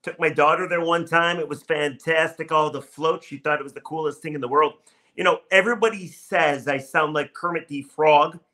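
Male sports podcast host, 30s, bright and slightly high, upbeat chatty monologue. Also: steady tone, moderate pace. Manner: upbeat, chatty, pushes listeners to subscribe.

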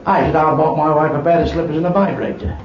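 A man's voice: on the high side, fairly even intonation, fast. A man telling blunt, crude jokes in a club stand-up routine, with asides to the crowd. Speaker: stand-up comedian. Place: live club venue with audience. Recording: echoey room, dull lo-fi live tape with crowd noise.

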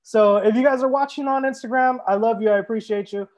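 Speaking fast in a very high-pitched voice with fairly even intonation, a young man hosts a live wine tasting show. A sommelier by trade, he's chatty and upbeat, addressing his viewers directly.

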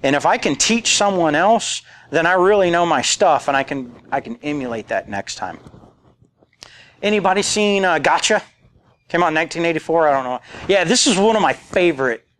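A man's voice: on the high side, fairly bright tone. Joking man giving a conference talk. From rural area. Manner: casual, joking, quotes movie lines. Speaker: conference speaker. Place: conference room.

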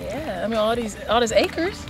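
A woman chatting casually for her vlog, excited and a little nervous, laughing often. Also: fairly high pitch, normal speed, vocal fry. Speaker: vlogger. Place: outdoors at a house in Miami.

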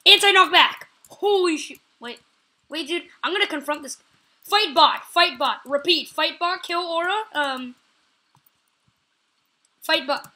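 High bright excitable gamer girl. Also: a little slow, long pauses. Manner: excitable, repeats phrases, yells out catches. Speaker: gaming channel host. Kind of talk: live gameplay commentary.

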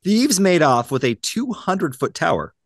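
A male podcast host tells stories with a lively, swooping voice and laughs easily. The studio sound is dry and close. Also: fairly high pitch, unhurried, no room sound. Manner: animated storyteller, laughs often. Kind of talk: casual chat, reading news items.

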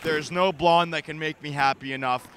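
A man in a comedic hockey fan rant, swearing and breaking into shouted outbursts, playing it heartbroken. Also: on the high side, steady tone, a little fast. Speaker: ranting hockey fan host. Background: music.

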